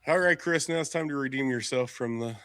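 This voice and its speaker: A man's voice: medium pitch, a little fast, a bit bright. A man hosting a casual chat with friends, teasing and moving the segments along. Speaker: podcast host.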